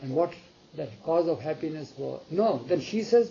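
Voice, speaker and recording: A man with a slightly high, gravelly voice retells a spiritual story to an audience at a normal speed, acting out the dialogue and asking listeners questions along the way. The lo-fi recording carries a little hiss or hum.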